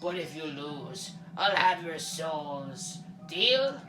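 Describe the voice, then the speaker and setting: A man voicing a scheming male devil who runs a casino, with a slow, drawn-out taunting delivery. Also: on the high side, sing-song, far from the mic. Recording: roomy room, game music behind.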